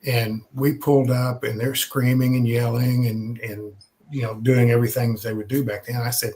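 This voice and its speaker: An older man from Texas, telling stories in a casual way with many pauses and restarts. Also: mid-range voice, little pitch movement, warm tone. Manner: conversational, many "uh" and repeated starts. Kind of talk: casual storytelling.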